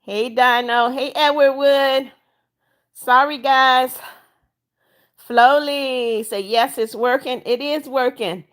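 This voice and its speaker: A woman's voice: high-pitched, fairly even intonation, slow pace, a bit bright. Upbeat woman hosting a live stream. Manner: reads viewer comments aloud and greets each by name; upbeat, coaxing viewers to like and subscribe. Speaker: livestream host. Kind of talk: casual live-stream chat.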